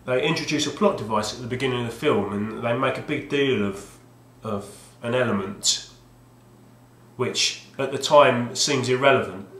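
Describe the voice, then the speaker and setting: A man of medium pitch rambles at a moderate pace in a fairly bright tone, with slight background noise. A video game collector vlogger, he's hesitant and wry and restarts often in a casual monologue. The room is echoey, a roomy home recording.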